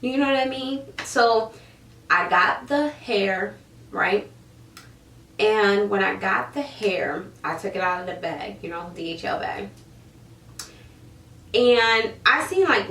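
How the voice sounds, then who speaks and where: A woman in her thirties telling a story to camera in a casual, animated way, acting out her own reactions. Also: fairly high pitch, vocal fry, a little hiss or hum. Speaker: hair seller vlogger. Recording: roomy, mic at a distance.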